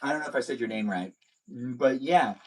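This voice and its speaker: Hosting a loose live stream chat, a man talks a little fast at an ordinary middle pitch, with a breathy edge and a rough recording. His rambling is full of restarted thoughts and repeated pet phrases.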